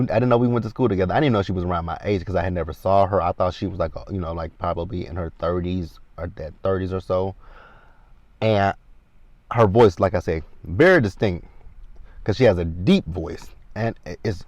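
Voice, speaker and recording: A man's voice: deep voice, a little mellow, no echo. A man in his thirties sitting in a car, recapping a TV episode in a chatty, rambling way and talking straight to his viewers. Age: 30s. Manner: chatty, talks straight to viewers as "you guys". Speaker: TV show recap vlogger. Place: inside a parked car. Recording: dull lo-fi recording, dry.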